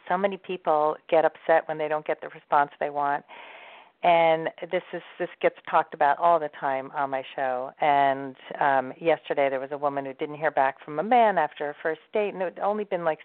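A woman's voice: deep voice, moderate pace, no room sound. A woman who hosts a dating show, talking reflectively and giving advice in a podcast conversation. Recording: dry, thin phone-like sound.

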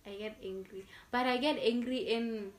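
Expressive young woman, echoey distant mic. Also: fairly high pitch, normal speed. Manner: expressive, laughs often, talks in restarts. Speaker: podcast guest. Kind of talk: casual chat.

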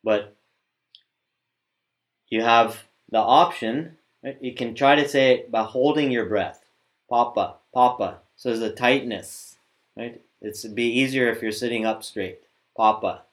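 A man patiently teaching Sanskrit pronunciation step by step, pausing and restarting as he demonstrates sounds. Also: mid-range voice.

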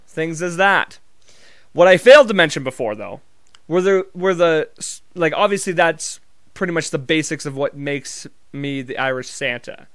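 A man's voice: fairly high pitch, lively intonation, normal speed, fairly bright tone, clear, resonant tone, no room sound, studio quality. A man vlogging in a casual comedic monologue, telling rambling, profane, jokey stories.

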